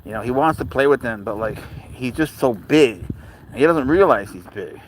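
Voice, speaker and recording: A man chats loosely through a live stream, answering viewer comments in a relaxed, rambling way and cooing at his pet now and then. His voice sits in an ordinary middle range, and a faint hum of background noise runs under the talk. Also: mid-range voice, normal speed, poor audio. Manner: rambling, chatty, baby talk to his cat. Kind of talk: casual live stream chat reading comments.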